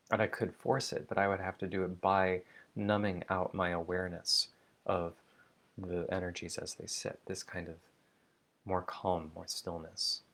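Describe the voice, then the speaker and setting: A man talking slowly and thoughtfully in a personal video diary, musing aloud with many fillers and restarts. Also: sits low, vocal fry, a bit bright. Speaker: vlogger. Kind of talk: reflective spoken diary.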